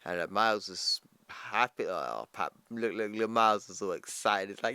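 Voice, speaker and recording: A comic book explainer host casually retells a storyline for viewers, calling them "people" and relaying dialogue plainly, with faint music underneath. His fairly low voice is bright, forceful, clear and resonant at normal speed, in a dry recording.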